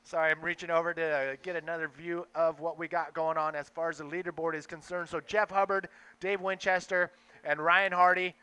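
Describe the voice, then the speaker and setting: Young guy doing live play-by-play, high bright voice, super clear, gets excited fast. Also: no room sound. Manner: excitable, quick bursts over action. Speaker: play-by-play commentator. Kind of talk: live sports commentary.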